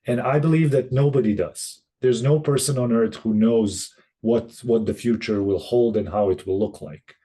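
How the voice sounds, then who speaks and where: Male facilitator on a video call; mellow voice, halting delivery full of fillers. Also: medium pitch. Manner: halting, many restarts and fillers. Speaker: session facilitator. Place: room in Boston.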